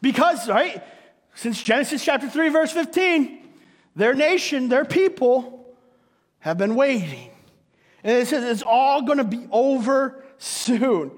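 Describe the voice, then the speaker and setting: Very high-voiced male pastor, hall reverb. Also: lively intonation, slow. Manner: conversational, punctuates nearly every sentence with "right?"; playful, acts out scripture scenes. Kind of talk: sermon. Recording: long reverb of a large hall.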